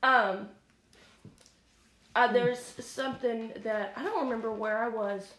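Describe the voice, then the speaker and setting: A woman's voice: on the high side, steady tone, takes it slowly, a bit bright. A woman co-hosting a podcast, talking casually about church with fillers and restarts. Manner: rambling, many fillers and restarts. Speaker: podcast co-host. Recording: echoey room, faint noise.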